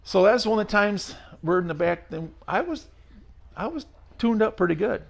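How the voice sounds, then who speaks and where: A man's voice: high voice, animated, moderate pace. Blunt older man telling rambling stories. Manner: blunt, rough-spoken, rambling with restarts. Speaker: guest, retired race car driver. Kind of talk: casual storytelling interview.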